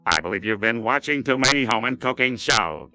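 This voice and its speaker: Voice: mid-range voice, animated, fairly quick, bright, forceful tone, no room sound, soft background music. A synthetic male voice imitating a grumpy, condescending cartoon squid. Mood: irritated. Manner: irritated and condescending.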